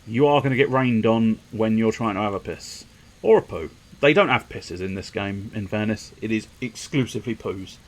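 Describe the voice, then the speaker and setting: A man's voice: lowish voice, moderate pace. A man casually commentating a video game stream, crude and jokey. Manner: crude, jokey, laughs a lot.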